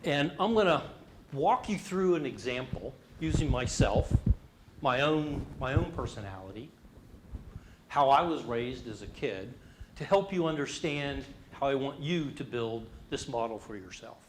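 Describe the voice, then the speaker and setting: In a medium-pitched, expressive voice, a middle-aged man unhurriedly leads an interactive leadership workshop, speaking with animation and questioning the audience. A little hiss or hum can be heard.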